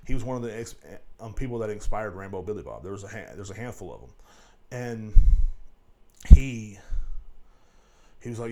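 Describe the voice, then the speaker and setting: A man's voice: lowish voice, expressive, a little fast, a little mellow. A man hosting a solo podcast, rambling casually with lots of swearing and filler phrases. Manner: rambling and profane, full of "you know what I'm saying". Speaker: podcast host.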